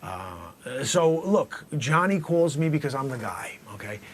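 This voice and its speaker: A man's voice: mid-range voice, sing-song, unhurried, background noise, voice pushed down. A man voicing a tough, middle-aged male drug dealer in an improvised comedy sketch, cocky and muttering threats. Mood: menacing. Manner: cocky, menacing, drops to mutters.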